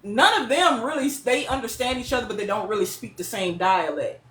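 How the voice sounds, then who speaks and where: A woman, telling stories as a guest in a casual interview, lively and quick to laugh. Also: on the high side. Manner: lively, laughing, chatty storyteller. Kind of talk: casual storytelling. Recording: echoey room with faint ambience.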